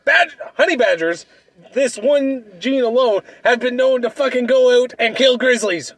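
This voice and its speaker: Stubborn young man, high voice. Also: normal speed, no room sound. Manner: stubborn and swearing. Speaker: debater. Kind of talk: heated comedic argument.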